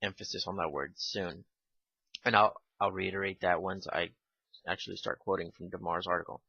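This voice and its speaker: A man giving casual spoken commentary, halting with fillers and restarts, and given to irritated asides. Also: low voice, little pitch movement, gravelly, pushed and bright, dry recording. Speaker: video commentator. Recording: dull lo-fi home recording.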